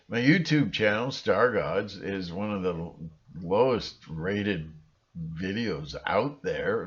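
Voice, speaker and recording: A man hosting his own channel, talking in a rambling, sarcastic monologue with sudden shrill outbursts. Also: lo-fi sound. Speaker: channel host.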